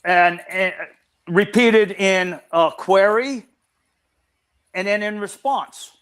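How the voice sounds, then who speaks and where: A man's voice: sits high, slow, a bit bright, smooth. An older man, a researcher guest in an interview, explaining at length and often restarting his phrases.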